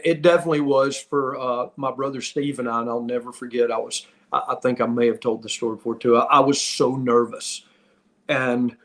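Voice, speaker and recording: A middle-aged man hosting a podcast, telling wrestling stories in a casual, rambling way with many restarts. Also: fairly high pitch. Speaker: podcast host, former pro wrestler. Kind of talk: casual storytelling.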